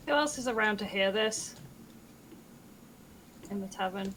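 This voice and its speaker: A woman playing a tabletop game, speaking softly and hesitantly. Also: mid-range voice, unhurried, a little hiss or hum, rough recording. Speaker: player.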